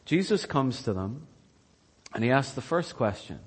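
A man preaching a sermon, telling Bible stories with animated, rising energy at the dramatic parts. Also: normal speed, husky. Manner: animated storytelling, rising in pitch and volume at dramatic retellings. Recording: long hall reverb.

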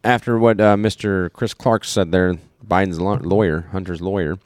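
A man's voice: low-pitched, steady tone, moderate pace, no echo, clean studio sound. A man from Iowa co-hosting a podcast, chatting casually about politics, rambling with fillers and restarts. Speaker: podcast co-host.

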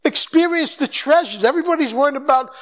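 A man with a notably high voice preaches a fervent sermon. He presses his listeners with quick questions and plays out little back-and-forth dialogues, his voice climbing as he urges them on. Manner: exhorting, animated, mimics dialogue. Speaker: guest preacher.

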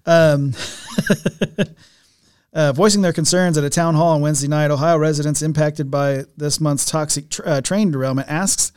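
A fairly high-voiced man hosts a podcast. He tells a family story with lots of restarts, fillers and chuckles, and then he reads a news item in the same loose, casual way. The sound is dry and close, with no room echo. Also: steady tone, normal speed, a little mellow, smooth. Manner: rambling storyteller with many restarts and laughs. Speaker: podcast host. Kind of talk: casual chat and news reading.

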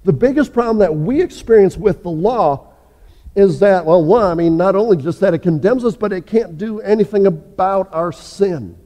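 A male pastor preaching a sermon earnestly, rising in force and then dropping low and soft. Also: normal speed. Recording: long church reverb.

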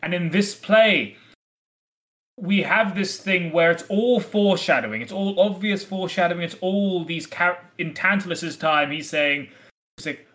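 A man co-hosting a podcast in casual discussion, animated and playfully acting out quoted lines. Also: on the high side, measured pace. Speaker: podcast co-host.

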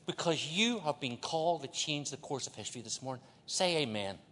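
A man's voice: a little high, animated, brisk, a bit bright. A man from Ireland preaching a sermon as a guest in a large church, joking with the crowd and leading call-and-response. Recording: long hall reverb.

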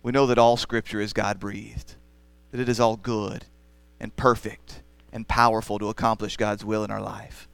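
A man's voice: fairly low pitch, little pitch movement, normal speed, creaky, smooth, no echo. A man preaching a sermon as the pastor, earnest and rising to emphatic passages.

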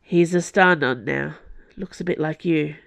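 A woman's voice: low-pitched, unhurried, vocal fry. Woman voicing a dazed, joking wounded man. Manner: faint, wry and drifting. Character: injured young man, weak but joking.

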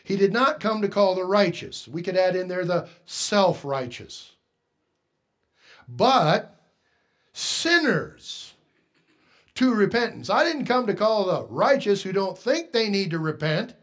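Male preacher, high-pitched, emphatic sermon delivery with hushed-to-loud swings. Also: lively intonation, slow pace. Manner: rhetorical questions to the congregation.

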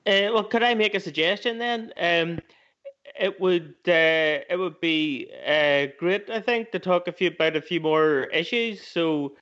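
A polite man speaks in a measured way, pausing on fillers as he makes suggestions. His voice sits a little above average pitch. The recording is dull and lo-fi. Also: fairly bright tone. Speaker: podcast co-host, guest. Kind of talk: casual chat.

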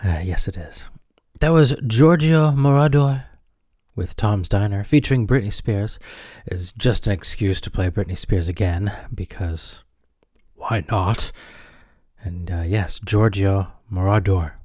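A man's voice: sits low, measured pace, a little mellow, dry recording, clean studio sound. A man hosting a radio show, rambling and self-deprecating in comic banter with his listeners. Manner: self-deprecating, chatty, talks to the audience.

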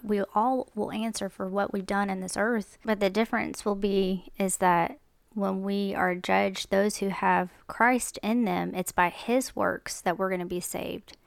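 A woman's voice: medium pitch, gravelly, no echo, clean studio sound. A young woman talks casually about faith to her viewers, chatty and mimicking other people as she goes. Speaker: Christian vlogger. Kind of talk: casual faith talk to camera.

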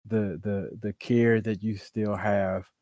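Male co-host, reflective, lowish voice, dry close recording. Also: little pitch movement, slow, darkish tone, dry recording. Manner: reflective, thinks aloud, laughs easily. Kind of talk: casual faith discussion.

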